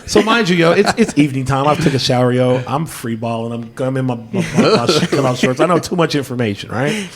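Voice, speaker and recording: A man hosting a podcast, telling a story in a loose, profane, animated way and dropping "yo" constantly. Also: medium pitch, a little fast, hardly any pauses, crowd noise. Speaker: podcast host. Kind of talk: casual storytelling chat.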